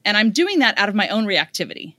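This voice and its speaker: A woman's voice: mid-range voice, fast talker, dry recording. A middle-aged woman from the United States, a parenting expert guest in an interview, speaking in a conversational way and acting out parent and child lines as she tells stories. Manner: animated storytelling with acted parent and child quotes.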